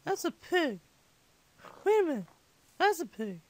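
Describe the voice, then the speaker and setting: A man voicing an excitable five-year-old boy who rambles through a comedic let's-play commentary. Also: very high voice, measured pace, exaggerated voice. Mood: chatty.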